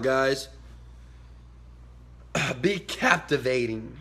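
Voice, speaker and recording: A man giving a motivational talk to his viewers, emphatic and preachy, swinging from quiet asides to loud shouted bursts. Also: mid-range voice, expressive, moderate pace, breathy edge. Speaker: motivational speaker.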